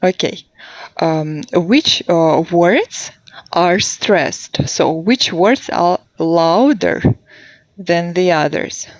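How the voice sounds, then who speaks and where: A woman gives a demo grammar lesson, speaking at a very unhurried pace and drawing out each model sentence for her students to repeat. Her voice sits a little low and is recorded dry and close, with no room sound. She checks answers with short, encouraging prompts. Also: expressive, dry recording. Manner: slow, deliberate modelling of sentences for repetition. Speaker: English teacher. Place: online class.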